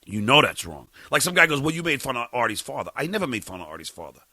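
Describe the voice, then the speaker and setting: Racing through an angry on-air rant, a middle-aged man hosting a podcast stammers, swears, and sometimes shouts in fury. His medium-pitched voice swings widely in pitch, with no echo.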